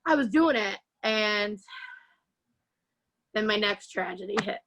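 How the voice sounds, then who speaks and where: A woman, telling her life story as an interview guest, animated and acting out quotes with frequent laughter. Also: medium pitch, takes it slowly, low-quality recording. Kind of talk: personal testimony.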